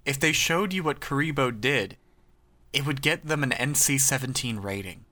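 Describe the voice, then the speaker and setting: Guy on a podcast, bright voice, makes dry jokes. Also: medium pitch, animated, normal speed, no echo. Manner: wry, jokey. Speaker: podcast co-host. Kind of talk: casual chat.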